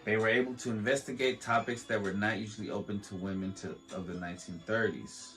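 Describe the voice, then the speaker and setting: A man's voice: lowish voice, steady tone, fast, fairly bright tone, faint music behind, rough recording. A man hosting a podcast, reading a history aloud with stumbles, restarts and joking asides. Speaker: podcast host. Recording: faint beat playing under the voice.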